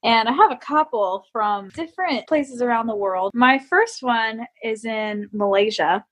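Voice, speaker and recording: A woman's voice: fairly high pitch, a little slow, a bit bright. A young woman guest, a teacher and musician, telling casual stories in an informal, giggly way. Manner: giggly, informal, lots of likes. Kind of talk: casual storytelling in an interview.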